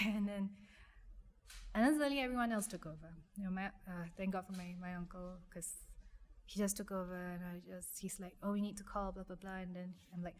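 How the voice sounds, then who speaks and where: A young woman, telling a personal story in an interview, speaking softly and haltingly with many restarts. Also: medium pitch. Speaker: guest.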